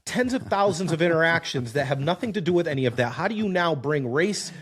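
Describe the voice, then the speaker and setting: A man's voice: a little high, animated, fast, a bit bright, breathy edge. A man who owns auto repair shops, talking casually as a podcast guest. He tells stories with energy, swears freely and acts out the people he quotes. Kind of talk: casual conversation.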